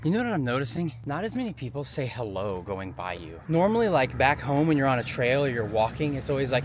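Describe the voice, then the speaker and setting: A man's voice: mid-range voice, very animated, quick pace, few pauses, heavy background noise. A man in his twenties from Colorado vlogs a trip casually, marveling at the scenery and getting winded while hiking uphill. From Colorado, USA. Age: 20s. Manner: chatty, easily amazed, exclaims at views. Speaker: vlogger. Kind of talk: casual travel vlog. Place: outdoors and in a car, on a hillside trail.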